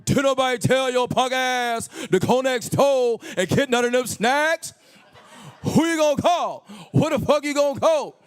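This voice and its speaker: A man doing an impression of a brash, profane older male comedian, shouting taunts at the storyteller. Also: very high voice, unhurried, clear, resonant tone, pitched above the performer's own voice. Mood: taunting.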